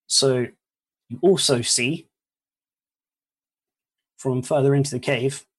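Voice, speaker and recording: A calm dungeon master narrating a tabletop game, often apologetic when dealing out damage. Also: mid-range voice, takes it slowly, breathy edge.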